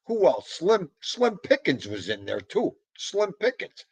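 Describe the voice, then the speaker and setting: A man hosting a casual livestream, chatting to viewers and reading their comments in a rambling, animated way, with sudden loud exclamations. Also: a little high, moderate pace, hardly any pauses, slightly rough, no room sound, lo-fi sound.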